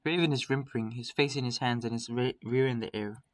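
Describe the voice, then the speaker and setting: A man's voice: mid-range voice, steady tone, brisk, low-quality recording. A man reading a visual novel aloud in a dramatic first-person storytelling manner. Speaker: narrator.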